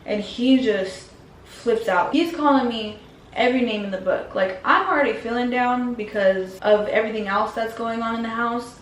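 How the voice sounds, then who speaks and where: A woman's voice: fairly high pitch, normal speed, recorded from a distance, slight background noise. Slangy woman telling a story, roomy sound. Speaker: vlogger. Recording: roomy, mic set back.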